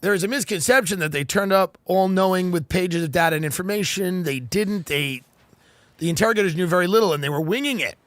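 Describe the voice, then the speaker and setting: A man's voice: sits high, quick pace, fairly bright tone, dry recording. A man hosting a comedy podcast, reading a news article aloud and breaking off into sarcastic joking asides.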